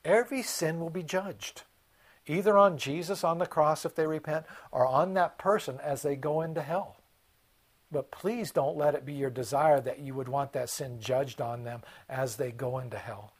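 A man preaching a sermon, swinging from hushed, quiet passages to loud, impassioned ones. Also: on the high side, moderate pace, husky. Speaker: pastor.

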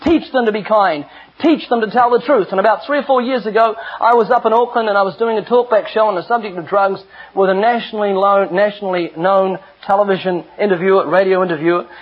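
A man's voice: sits high, quick pace. A middle-aged man preaching an earnest, emphatic sermon with personal stories. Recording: dull lo-fi recording.

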